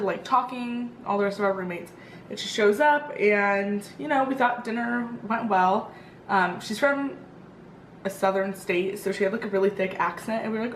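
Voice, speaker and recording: A young woman rants casually to her camera, rambling along with plenty of fillers and asides. Her voice sits at an ordinary pitch and bounces around an echoey room. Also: a little hiss or hum. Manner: chatty, rambling, lots of fillers. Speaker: vlogger. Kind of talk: casual storytelling rant.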